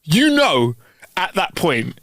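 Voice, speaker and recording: A man's voice: on the high side, huge pitch swings, slow pace, a bit bright, no room sound. A man co-hosting a podcast, joking in slangy casual banter and laughing often. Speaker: podcast co-host.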